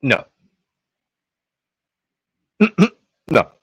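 A man co-hosting a casual podcast, retelling TV episode scenes in an animated way and acting out the lines. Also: very slow, no room sound, poor audio. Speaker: podcast co-host. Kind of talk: casual recap chat.

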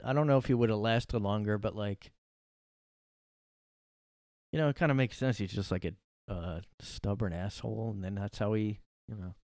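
A man's voice: fairly low pitch, normal speed, darkish tone, no echo. Sarcastic rambling man in a dry room. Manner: rambling, sarcastic, swears freely. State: sniffly from allergies. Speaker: podcast host. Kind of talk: casual solo rant. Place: his own room.

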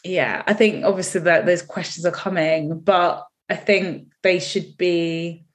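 A woman co-hosts a relaxed podcast. She talks in a chatty way, asks her co-host questions, and shares her views freely. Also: fairly low pitch, unhurried. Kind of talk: casual chat.

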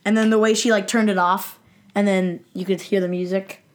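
A woman's voice: mid-range voice, fairly even intonation, fairly quick, slight background noise. A woman co-hosting a casual chat about a TV episode, chatty, often giving short agreeing replies. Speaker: podcast co-host.

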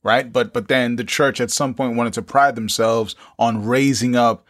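A man's voice: medium pitch, fairly even intonation, normal speed, a bit bright. A man hosting an interview, asking follow-up questions, recapping the guest's points and joking with him. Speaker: interview host. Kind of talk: conversational interview.

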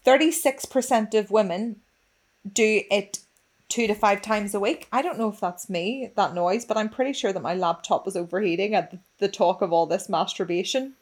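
A woman's voice: mid-range voice, normal speed. Candid woman podcast co-host. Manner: candid, chatty, swears freely. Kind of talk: frank casual podcast chat.

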